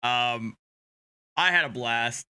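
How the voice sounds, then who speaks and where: A man hosting a casual live stream, relaxed and joking, a few beers in. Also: mid-range voice, slow pace, slight background noise. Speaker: streamer host.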